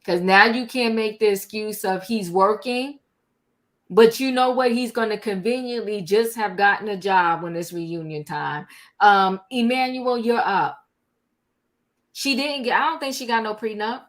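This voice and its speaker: A woman speaks casually at a middle pitch, chiming in with quick remarks of agreement. She sounds like a co-host or regular listener joining the chat. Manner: chimes in with agreement and quick asides.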